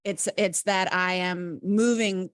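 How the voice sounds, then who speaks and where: A woman's voice: on the low side, steady tone, takes it slowly, fairly bright tone, no echo. A woman hosting a podcast interview, reflecting on and summarizing her guest's ideas. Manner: thoughtful, reflects back and summarizes the guest's points. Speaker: podcast host. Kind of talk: conversational interview.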